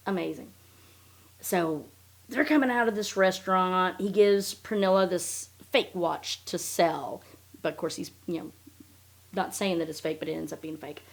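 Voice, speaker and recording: A woman's voice: on the low side, moderate pace, gravelly. Blunt, sarcastic woman podcaster. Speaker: podcast host. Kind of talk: casual recap chat.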